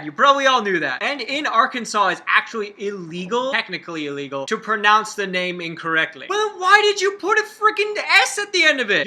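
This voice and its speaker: A man's voice: sits high, bright, forceful tone. A man talking in a casual, jokey vlog style on a laptop microphone at home, reading aloud and slipping into silly voices. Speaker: vlogger. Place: room at home by a window.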